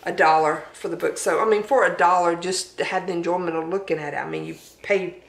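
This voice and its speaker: A woman's voice: lowish voice, fairly even intonation, fast talker, vocal fry, echoey room, poor audio. Chatty Southern woman showing thrift finds. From Southern United States. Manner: chatty, homey, laughs at herself. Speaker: thrift haul vlogger. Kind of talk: casual show-and-tell chat. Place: home dining room.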